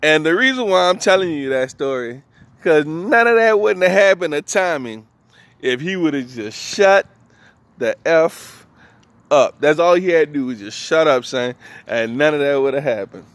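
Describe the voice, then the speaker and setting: Man with a New Orleans accent, comedian, slangy storytelling, slightly high voice. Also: animated, moderate pace, a bit bright, no echo. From New Orleans, USA. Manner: loose, slangy, laughing between lines. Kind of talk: stand-up storytelling.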